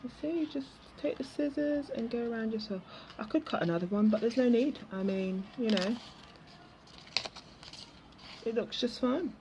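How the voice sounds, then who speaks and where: A woman's voice: a little high, normal speed, long pauses, warm tone, slight background noise. A woman chatting to her viewers while she crafts, with self-mocking asides. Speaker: craft vlogger. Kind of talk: casual chatty crafting vlog. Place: outdoors at a table.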